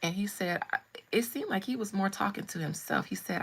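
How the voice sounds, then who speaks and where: A woman's voice: mid-range voice, moderate pace, creaky, a bit bright, husky, poor audio. A woman hosting a live stream, telling a personal story in a blunt, humorous way. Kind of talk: casual storytelling.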